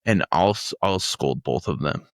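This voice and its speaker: A man's voice: low-pitched, animated, unhurried, no room sound, clean studio sound. A man in his forties co-hosting a podcast, easygoing and stumbling over his first words. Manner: easygoing, repeats words when starting. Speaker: podcast co-host. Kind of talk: casual podcast chat.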